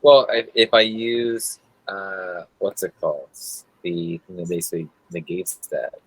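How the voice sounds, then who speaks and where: A player in a tabletop game, unsure and halting, thinking aloud about what they can do. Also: low voice, breathy edge, rough recording. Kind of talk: casual tabletop play.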